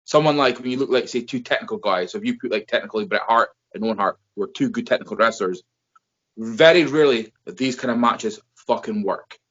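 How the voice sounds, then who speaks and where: Speaking quickly in a mid-range voice, this wrestling podcast host keeps his casual chat animated, rambling, and full of profanity. The sound quality is dull and lo-fi.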